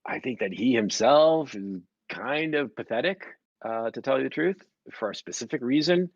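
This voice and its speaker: A man of middle pitch hosts a casual stream chat, telling rambling, profane stories with lots of animation. His mic sounds dry and somewhat dull, with no room around it. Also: expressive, normal speed, dry recording. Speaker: stream host.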